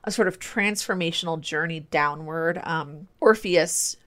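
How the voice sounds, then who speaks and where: Woman podcaster, lowish voice, eager nerdy rambling chat. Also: measured pace, a bit bright. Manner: enthusiastic, nerdy, rambling explanations. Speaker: podcast co-host.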